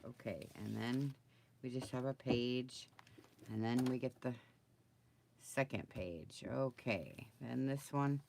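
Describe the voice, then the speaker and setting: A woman's voice: rumbling low, slow, creaky, darkish tone, slight background noise. A woman crafter talking casually through her project, muttering to herself and getting flustered. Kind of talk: casual crafting video talk.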